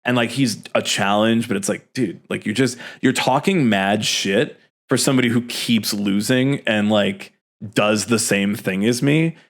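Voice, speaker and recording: A man in his thirties hosting a casual reaction chat, ranting in an animated way with swearing and laughter. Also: on the low side, unhurried. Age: 30s. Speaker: host.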